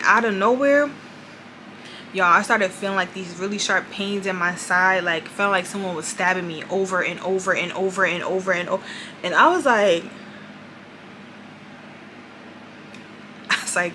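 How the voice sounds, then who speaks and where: A woman's voice: mid-range voice, moderate pace, long pauses, bright, forceful tone, slight background noise, low-quality recording. A young woman vlogger telling a personal faith testimony in a chatty way, addressing viewers directly and saying "like" often. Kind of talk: casual confessional testimony.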